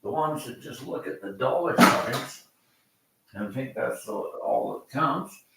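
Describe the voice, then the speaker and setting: An older man from Canada telling rambling personal stories, animated, acting out the people he quotes. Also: mid-range voice, slow pace, vocal fry, reverberant, very noisy. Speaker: vlogger.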